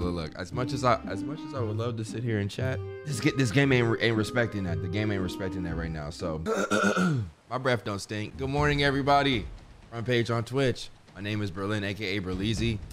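Young man, streamer, casual slang, lowish voice, game music behind. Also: expressive, brisk. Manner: laid-back, slangy, says bro a lot. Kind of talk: casual gaming livestream commentary.

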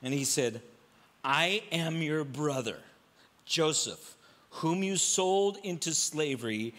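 A man preaching a sermon in a high, bright voice. He slips into quoted voices and stacks rhetorical questions with dramatic emphasis. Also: expressive, slow. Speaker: pastor.

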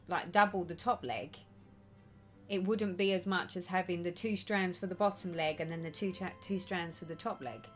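A woman's voice: lowish voice, steady tone, normal speed, faint music behind. A woman hosting a casual stitching livestream, chatting and reading viewers' comments aloud with a lot of giggling. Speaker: livestream host.

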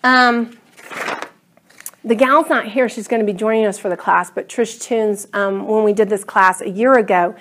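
A woman teaching a class Bible study in a conversational, animated way, acting out her own prayers. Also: mid-range voice, moderate pace, a little hiss or hum.

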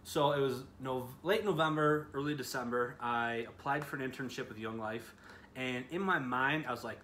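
A man's voice: medium pitch, moderate pace, a bit bright. Young guy, earnest and chatty, talking to students about faith, faint hiss behind him. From Chicago area, US. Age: 20s. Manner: earnest, chatty, full of "you know" and "like". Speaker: youth ministry speaker. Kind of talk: casual devotional talk to students.

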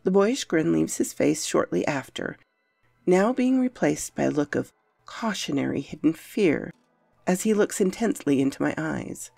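A woman narrates a horror story in a dramatic, brooding first-person voice. Her tone has a gravelly grain and moves widely in pitch. It is recorded dry and close, with soft music underneath. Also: expressive, moderate pace, no echo.

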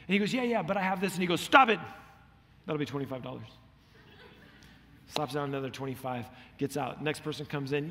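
A middle-aged man preaching a sermon as a pastor, telling stories with animation and acting out the lines he quotes. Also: a little high. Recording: long hall reverb.

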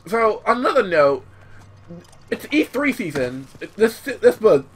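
Young male let's-play host, casual and swearing, restarts often, slightly high voice. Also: very animated, a little slow, a little hiss or hum. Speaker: gaming channel host.

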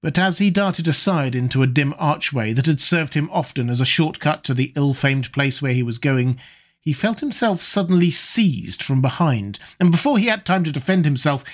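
Male narrator for a classic novel, measured and dramatic, a touch high in pitch. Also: expressive. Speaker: audiobook narrator. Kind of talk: scripted audiobook narration.

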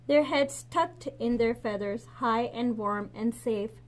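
A woman teacher reads a picture book aloud with lots of expression. Her voice is high and clear, and she slows and softens for quiet endings.

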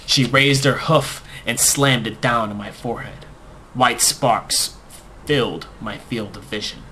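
A man narrating a comic first-person story in a deadpan, overblown storyteller manner. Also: medium pitch, a little slow, a little hiss or hum.

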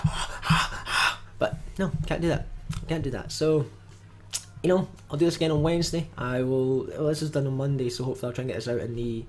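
A man's voice: mid-range voice, a little mellow, a little hiss or hum. A young man giving casual, grumbling commentary with dry jokes as he opens card packs in a game video. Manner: dry, grumbling, jokey asides. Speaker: gaming video host.

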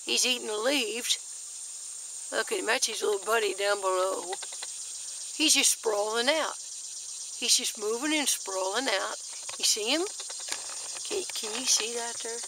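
Folksy woman vlogger, bright and somewhat high-pitched, chatty and easily excited, filming close up outdoors in her garden. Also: a little slow, long pauses, slight background noise, poor audio. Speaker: nature vlogger. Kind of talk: casual nature walk-and-talk.

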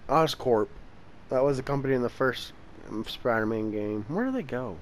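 A young man giving casual let's-play commentary at home, tired and yawning as he plays. His voice sits at a middle pitch, and he talks impatiently back at the game with a faint hiss behind him. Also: moderate pace, poor audio. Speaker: gameplay channel host.

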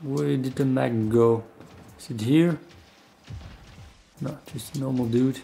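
A man's voice: mid-range voice, steady tone, takes it slowly, creaky, dark tone, slight background noise. A man giving casual, self-deprecating play-by-play commentary while playing a shooter game. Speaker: gamer. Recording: faint music underneath.

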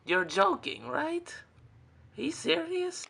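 A performer voicing a male Boo ghost in a whispered role-play, with a raspy, creaky whisper and an eager, stammering way of talking. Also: medium pitch, unhurried, bright, forceful tone, distant mic, exaggerated voice. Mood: betrayed. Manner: eager, stammering and easily hurt. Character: bored male Boo ghost, proud of his costume.

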